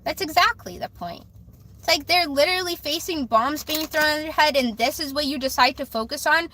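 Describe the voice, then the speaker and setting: A woman's voice: high-pitched, fairly quick, pushed and bright, a little hiss or hum. A woman hosting a livestream, reading chat messages aloud and answering them in a heated, emphatic way, swearing often and repeating her points. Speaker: livestream host. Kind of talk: livestream talk reacting to chat.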